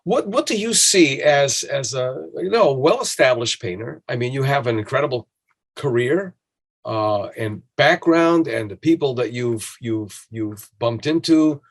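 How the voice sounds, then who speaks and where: A man in relaxed podcast talk, his voice sitting at an ordinary middle pitch. He tells his stories animatedly, slipping into the voices of the people he quotes. He often restarts his sentences as he goes. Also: measured pace. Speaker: podcast conversation partner. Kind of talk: casual conversational storytelling.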